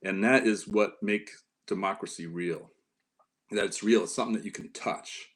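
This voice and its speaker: This former White House staffer, a middle-aged guest from near Lake Ontario in Upstate New York, has a low voice and talks at an ordinary speed. His long anecdotes in the relaxed interview are full of fillers and false starts.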